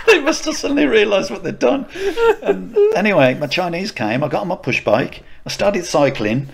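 A man's voice: fairly high pitch, very animated, moderate pace, gravelly, slight background noise. A middle-aged man co-hosting a podcast, telling anecdotes casually with many restarts and laughs. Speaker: podcast co-host. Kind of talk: casual chat, storytelling.

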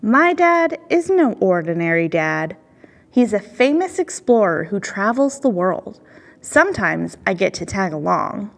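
A woman reading a children's picture book aloud at a library storytime, calm and steady. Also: medium pitch, a little slow, gravelly, long reverb tail.

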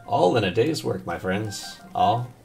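Male game streamer, very lively pitch swings, casual and profane banter with viewers. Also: measured pace, creaky, soft background music. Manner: animated, swears often, jokes with chat. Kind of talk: casual live-stream commentary.

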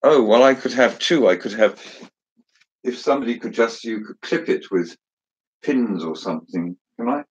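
A man's voice: mid-range voice, normal speed, highs cut off. A man hosting a casual chat, joking and chatty with theatrical asides. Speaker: host.

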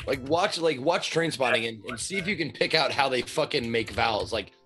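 A man's voice: medium pitch, animated, fairly quick, fairly bright tone, faint music behind. A man playing in a tabletop game, chatting enthusiastically and swearing freely on a live stream. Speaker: player. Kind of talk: casual chat on a live stream.

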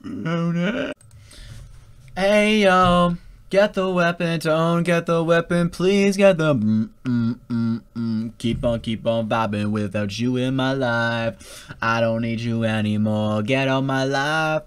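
A young man chattering chaotically while gaming, goofy and erratic, jumping from mumbling to yelling. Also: medium pitch, slow, clear, resonant tone.

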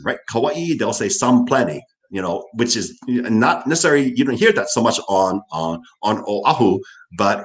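An older Hawaiian man speaking with a Hawaiian Pidgin accent appears as a guest in a relaxed interview, spinning stories in a lowish voice and frequently tossing in "right."

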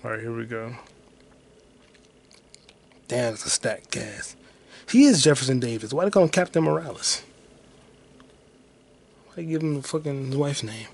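Gravelly, profane podcast man. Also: mid-range voice, normal speed, long pauses, darkish tone, a little hiss or hum. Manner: profane, thinking aloud while searching online. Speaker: podcast host. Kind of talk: casual solo podcast rambling.

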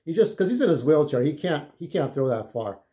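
A man's voice: fairly high pitch, big pitch swings, a little fast, dark tone. A man telling casual, rambling stories, full of swearing, who keeps checking in with "okay?". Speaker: vlogger. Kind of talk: casual storytelling.

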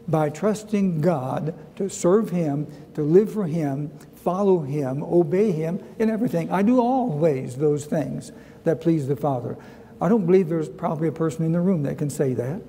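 A middle-aged man with a Southern US accent teaching a Sunday school Bible lesson, earnest, repeating key phrases and slowing down to read scripture. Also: high-pitched, mellow. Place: church sanctuary. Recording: long reverb of a church hall.

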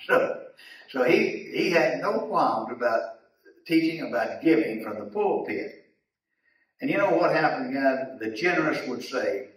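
A man's voice: medium pitch, animated, moderate pace. A man teaching a Bible lesson in Sunday school, folksy and chuckling, often repeating his words. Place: church classroom. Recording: echoey room, mic far off.

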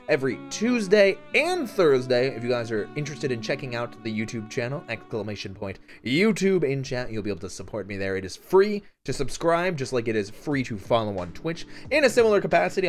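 A man hosting a streamed café roleplay, playful and flirty, who often squeals high and laughs. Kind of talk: casual live-stream chat and café roleplay.

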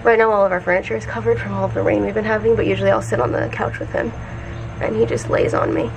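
A woman's voice: medium pitch, steady tone, fast talker, creaky, noisy background. A young woman vlogging casually at home and on her backyard deck, chatty and full of "like", cooing in baby talk to her cat. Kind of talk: casual vlog chat.

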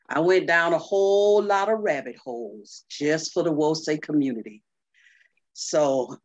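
A woman presenting a historical tribute on a video call, excited and fumbling with screen sharing. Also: low-pitched, moderate pace, no echo. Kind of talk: casual presentation. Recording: dry, muffled call audio.

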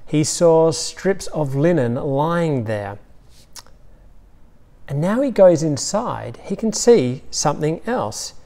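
A man with an Australian accent preaching an Easter sermon, retelling scenes with lively storytelling asides. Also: on the high side. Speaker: pastor.

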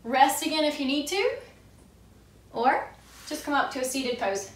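A woman leading a gentle yoga class, giving calm, soothing cues paced with the breath. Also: high voice, a little slow, recorded from a distance. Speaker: yoga instructor. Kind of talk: gentle guided yoga instruction. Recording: echoey room, voice a bit off-mic.

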